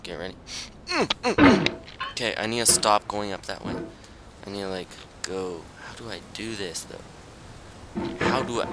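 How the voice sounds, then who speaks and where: A young man commenting on his own gameplay, pleading with himself and muttering, with sudden high yelps when things go wrong. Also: moderate pace. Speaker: gaming channel host. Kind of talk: let's-play commentary. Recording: loud background noise.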